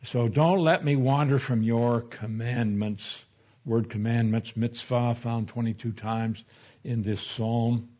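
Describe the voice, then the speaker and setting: In a mellow, mid-range voice with fairly even intonation and a mild huskiness, a male pastor moves slowly through scripture in an easygoing expository sermon. He teaches conversationally, weaving in stories from his own life, and the recording sounds a bit muffled and lo-fi.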